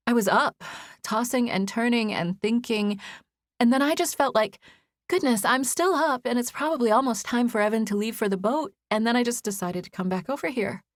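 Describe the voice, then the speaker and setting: A woman's voice: fairly high pitch, moderate pace, no echo, voice pushed up, natural voice. A woman narrator voicing a tired, nervous young woman who is close to tears and speaks breathily, apologizing as her words tumble out. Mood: anxious, apologetic. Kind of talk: audiobook character voice.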